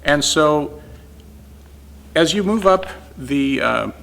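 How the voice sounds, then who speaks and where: A man's voice: on the high side, expressive, slow pace, vocal fry, a bit bright. A man teaching guitar setup in a casual, step-by-step way while demonstrating on an instrument. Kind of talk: informal technical explanation.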